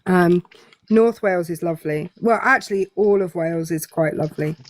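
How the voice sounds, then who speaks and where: A woman's voice: on the low side, normal speed, no echo. A young English woman chatting casually as a guest on a live stream, hesitant with many fillers. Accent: English, southern Midlands. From England.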